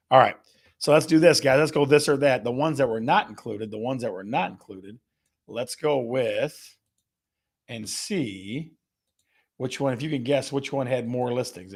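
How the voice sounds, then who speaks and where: A man's voice: mid-range voice, creaky. A man hosting a live real estate show, energetically repeating questions and reading out viewer guesses. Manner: energetic, repetitive, reads viewer guesses aloud. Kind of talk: live-stream call-and-response game with viewers.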